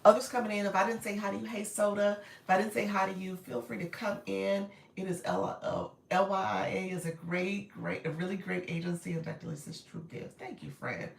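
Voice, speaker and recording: A woman with a naturally raspy voice, a bit strained today, hosting a casual live stream and greeting viewers warmly. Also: mid-range voice, fairly quick, hardly any pauses. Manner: warm, encouraging, greets viewers often. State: voice a little strained. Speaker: live-stream host and coach. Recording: echoey room.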